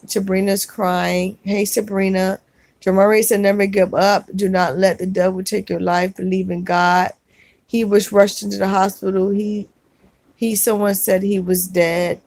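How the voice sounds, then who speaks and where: A woman vlogger on a casual livestream, reading viewer comments aloud in a gentle, consoling way, with fillers and restarts. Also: mid-range voice, vocal fry, no room sound.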